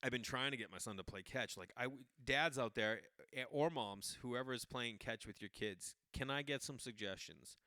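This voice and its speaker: A middle-aged man, hosting a podcast and telling a rambling, animated story in a casual monologue. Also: medium pitch, normal speed, few pauses, no echo, studio quality. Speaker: podcast host.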